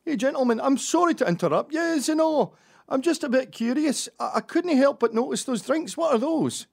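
A man's voice: very high voice, lively intonation, moderate pace, vocal fry, a little mellow, pitched above the performer's own voice, full character voice. A man voicing a prim, mock-polite Scotsman in a fake Scottish accent, asking nosy questions.

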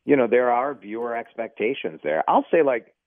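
A male TV anchor talks as a guest on a radio show, offering strong opinions and quick jokes. His pitch swings widely as he speaks. The sound is thin and phone-like, and dry. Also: no echo. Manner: animated, opinionated, quick to joke. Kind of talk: casual radio chat.

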